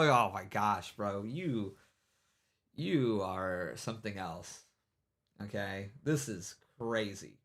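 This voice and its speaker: A man's voice: on the low side, takes it slowly, a bit bright. A man hosting a livestream, giving casual, rambling commentary and mocking people, with many repeated "you know what I mean"s. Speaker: livestream host.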